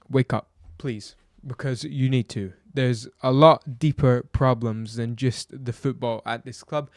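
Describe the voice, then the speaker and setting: A man's voice: mid-range voice, dry recording, clean studio sound. A man giving a blunt, exasperated football match review, ranting and firing off rhetorical questions. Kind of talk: opinionated match review vlog.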